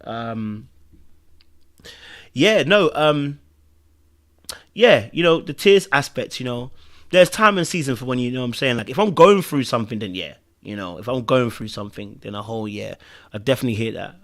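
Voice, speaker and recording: A man's voice: medium pitch, animated, moderate pace, pauses often. Man, podcast host, casual chat, rambling, repetitive fillers. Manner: rambling, repeats "okay?" and "you know what I mean".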